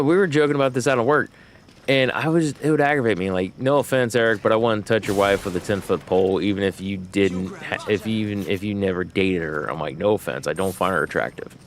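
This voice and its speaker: Rambling man telling a story on a game stream. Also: fairly low pitch. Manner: rambling, self-interrupting storyteller. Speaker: gaming streamer. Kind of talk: casual storytelling while livestreaming a game.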